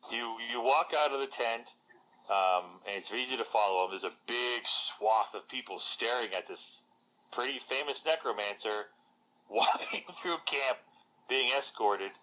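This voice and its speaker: A man's voice: medium pitch, a little slow, bright, forceful tone, a little hiss or hum, poor audio. A man narrating a tabletop game as game master, hesitant and full of fillers.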